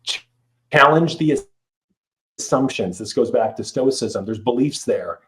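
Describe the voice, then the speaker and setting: Middle-aged male life coach, podcast guest, earnest and emphatic, average pitch. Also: moderate pace, low-quality recording. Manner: earnest, emphatic, with many restarts. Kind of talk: podcast interview.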